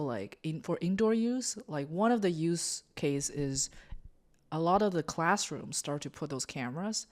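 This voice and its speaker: A woman hosting a podcast, explaining things at length in a chatty way with lots of filler words. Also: low voice. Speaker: podcast host. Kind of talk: casual podcast chat.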